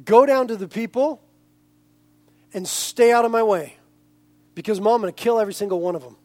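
A man preaching voices a fed-up male God who talks in a blunt, offhand, slangy manner. The voice sits very high for a man. The sound is close and dry, with no room echo. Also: fairly quick, darkish tone, natural voice. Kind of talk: sermon.

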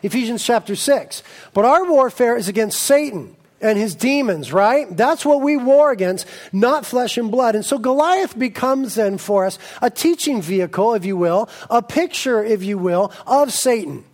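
A male pastor preaching with lively, joking energy. His voice sits notably high for a man. He tells the story with playful, animated asides. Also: normal speed. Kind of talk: sermon.

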